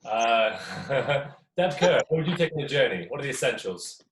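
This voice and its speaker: A man's voice: mid-range voice, animated, moderate pace. Young English male storyteller, playful and chatty, speaking to a listening crowd; picked up from a distance, so the voice sounds set back. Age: young adult. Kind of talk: live storytelling to an audience. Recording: echoey room, mic at a distance, faint noise.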